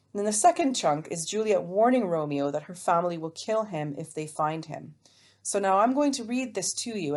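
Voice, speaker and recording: A woman's voice: fairly low pitch, darkish tone. A woman teaching a remote English lesson alone, chatty and self-mocking as she explains step by step. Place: alone, recording for students at home.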